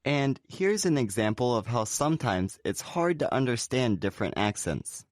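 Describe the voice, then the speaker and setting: A man co-presenting a scripted pronunciation lesson, explaining in a relaxed way and saying example words slowly and clearly. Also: mid-range voice, no room sound, studio quality. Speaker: pronunciation teacher.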